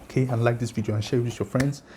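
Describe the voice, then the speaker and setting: His voice is medium-pitched, steady, and dark, delivered in rapid-fire bursts over a faint hiss or hum. As host of a religious channel, he casually lectures with pointed, challenging arguments and rhetorical questions, addressing viewers head-on and requesting comments.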